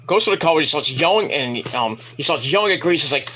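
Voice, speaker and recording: Husky, bright-voiced man ranting over wrestling. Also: fairly high pitch, animated, fast, hardly any pauses, rough recording. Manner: rambling, profane, frustrated. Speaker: wrestling show reviewer. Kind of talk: casual spoken review. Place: at home at night.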